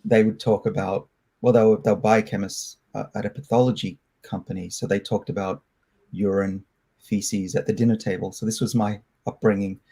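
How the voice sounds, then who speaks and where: Low, mellow-voiced middle-aged Australian man. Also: steady tone, breathy edge. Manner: candid, reflective, loose and halting. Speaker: scientist guest. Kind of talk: conversational interview answers.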